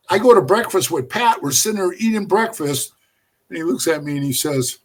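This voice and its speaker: Middle-aged male guest, a high-pitched, animated storyteller who swears freely. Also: fairly quick. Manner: animated, profane, addresses the host as bro. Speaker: podcast guest. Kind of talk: storytelling in casual conversation.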